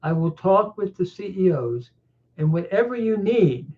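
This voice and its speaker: A man's voice: sits high, very animated, measured pace. A man voicing a kind, grateful wealthy woman who runs a company, in his own plain voice with earnest, simple phrasing. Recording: tinny phone-like sound.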